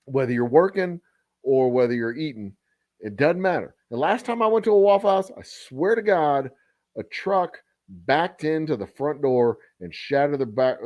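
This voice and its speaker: A man hosting a relaxed livestream happy hour, telling a meandering diner story full of cussing and chuckles. His voice sits at an ordinary middle pitch. The sound is close and dry, with no room echo. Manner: rambling, profane, chuckling. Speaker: distillery host.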